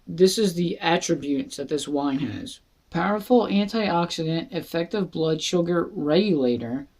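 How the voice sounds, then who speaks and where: A reviewer from Philadelphia, USA, takes an unhurried, easygoing pace through a casual wine review vlog, chatting, joking, laughing and poking fun at himself with long pauses between thoughts. The voice is mid-range in pitch and a little mellow.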